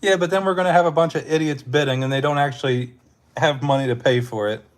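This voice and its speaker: A man's voice: on the high side, fast. A man hosting a casual live stream, laid-back and laughing often as he talks with his chat, his throat sore from hours of talking.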